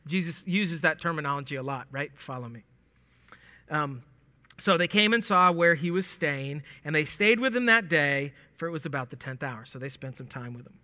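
A man with a high, very bright voice teaches through scripture in a relaxed, humorous way. He acts out the lines and laughs along. The sound carries a long reverb from a large hall. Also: moderate pace. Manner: animated and joking, acting out lines with laughs. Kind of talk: casual verse-by-verse Bible teaching.

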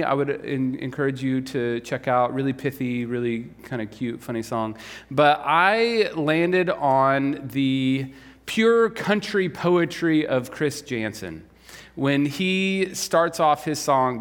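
A man preaching a sermon as pastor in a relaxed, conversational way, often asking rhetorical questions. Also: fairly high pitch. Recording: long reverb of a large hall.

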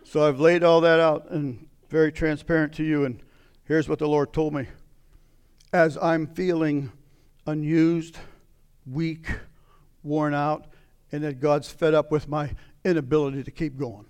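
A middle-aged man preaching a sermon as pastor, with impassioned delivery that swings from raised cries to low, weary murmurs. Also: little pitch movement, measured pace, darkish tone, smooth.

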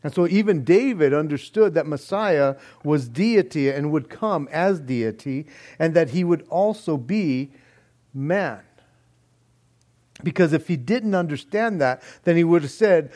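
Slow-speaking, earnest man preaching a sermon. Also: a little high, lively intonation, a little mellow. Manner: earnest, emphatic teaching with scripture reading. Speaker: pastor. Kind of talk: expository sermon.

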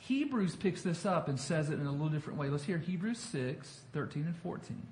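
A pastor leads an interactive Bible study, speaking conversationally, repeating himself, and putting questions to the group. His voice is on the high side with a darkish tone, and he sounds animated and brisk. The room is echoey, with faint background noise.

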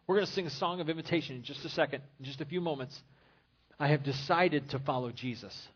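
A man's voice: fairly high pitch, fairly quick, husky, dull audio. A man pastor preaching a sermon in an earnest, repetitive style. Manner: earnest preaching with repeated phrases.

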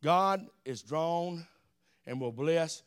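Older southern preacher from alabama, kinda high voice, smooth, says amen a lot. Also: male voice, extremely slow. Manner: folksy, repeats amen, animated storytelling. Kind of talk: sermon.

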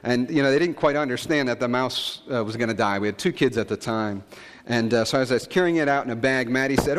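A male pastor preaching a conversational sermon, telling stories in a relaxed way with frequent fillers and asides. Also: medium pitch, quick pace, big-room sound.

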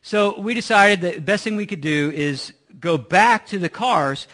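A man's voice: high-pitched, animated, moderate pace, fairly bright tone. A man preaching a sermon in a conversational way, telling a personal story with joking asides. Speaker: pastor.

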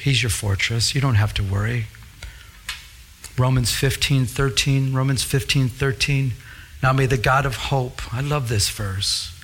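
A man's voice: medium pitch, fairly bright tone, a little hiss or hum. A middle-aged man preaching a sermon, earnest and repetitive, reading scripture aloud. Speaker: pastor.

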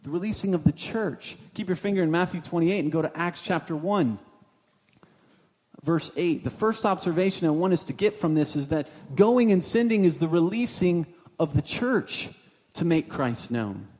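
A man's voice: a little high, animated, moderate pace, a little mellow, big-room sound. A man preaching a sermon as pastor, casual and conversational, voicing what the disciples might have thought.

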